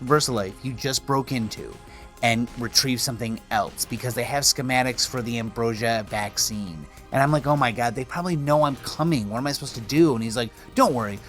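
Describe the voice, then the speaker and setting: Male gaming host, mid-pitched, casual wisecracking voice-over with faint music behind. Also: fairly bright tone. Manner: laid-back and joking, with casual slang. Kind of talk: casual gameplay commentary voice-over.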